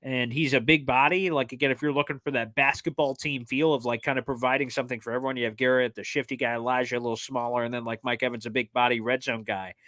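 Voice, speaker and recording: Excitable man, dry close mic. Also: medium pitch, dry recording. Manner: excitable, jokey, fast-talking with many fillers. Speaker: sports livestream host. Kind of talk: casual live chat reading fan questions.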